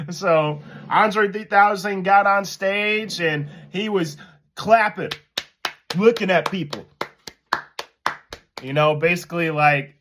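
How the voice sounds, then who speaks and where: A man casually commenting and telling a story to his viewers, animated and laughing at himself. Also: high-pitched, takes it slowly, pauses often, slight background noise. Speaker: host commentator.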